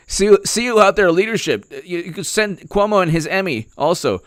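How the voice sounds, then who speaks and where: A man's voice: sits high, big pitch swings, normal speed, dry recording, clean studio sound. A male political commentator ranting in a sarcastic, mocking way, often laughing. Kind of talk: opinion vlog rant.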